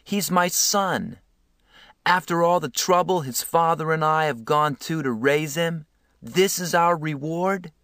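A hard, bitter middle-aged mother , put on by a man reading a story, her voice pushed high and shrill. She talks in a cold, accusing way. The recording is close and dry. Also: measured pace, a bit bright, dry recording. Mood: indignant.

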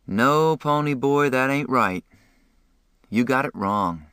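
A man voicing a wisecracking tough teenage boy from a street gang, blunt and full of rough slang, in a dry audiobook reading. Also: medium pitch, expressive, takes it slowly, a bit bright, dry recording, pitched above the performer's own voice. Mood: dumbfounded.

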